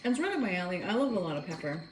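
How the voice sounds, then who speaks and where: A woman's voice: fairly low pitch, sing-song, rapid-fire. A woman co-hosting a casual dinner live stream, chatty and self-deprecating. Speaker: co-host. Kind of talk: casual chat while eating dinner. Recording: roomy with faint background noise.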